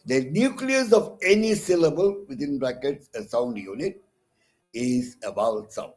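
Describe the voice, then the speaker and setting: A male counsellor with an Indian English accent teaching a recorded English lesson at a very slow, measured pace. He spells words out letter by letter, pauses often with "uh" and corrects himself mid-sentence. His voice sits at an ordinary middle pitch. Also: lively intonation, darkish tone, poor audio. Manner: frequent pauses with "uh" and self-corrections. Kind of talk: recorded lecture.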